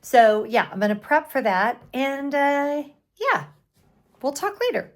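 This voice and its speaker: Chatty, expressive woman vlogging at home. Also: high-pitched, unhurried. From United States. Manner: chatty, expressive, animated exclamations. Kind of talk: casual vlog chat to camera. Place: home, indoors.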